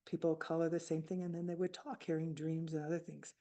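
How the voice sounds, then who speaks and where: An older woman in her seventies shares a personal story from a stage in a low, mellow voice. She speaks reflectively and pauses often, circling back to restart her sentences. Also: little pitch movement. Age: 70s. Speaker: author speaking at a book fair.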